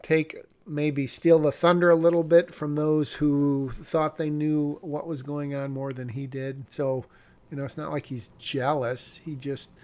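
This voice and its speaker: A man's voice: fairly high pitch, flat delivery, unhurried, darkish tone. A male screenwriter talking casually through his own script, rambling and correcting himself with wry asides.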